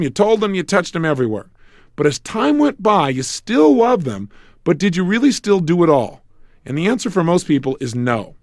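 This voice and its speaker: A man giving a motivational seminar on relationships, talking in an animated way and acting out couples' arguments with joking asides. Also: a little high, no room sound, clean studio sound. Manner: animated, acts out quarrels between couples. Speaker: self-help speaker.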